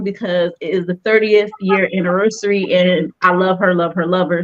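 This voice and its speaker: A woman's voice: mid-range voice, normal speed, few pauses, fairly bright tone. Upbeat woman with a dull lo-fi mic. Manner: playful, laughing, enthusiastic. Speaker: guest reviewer. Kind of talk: casual music review chat.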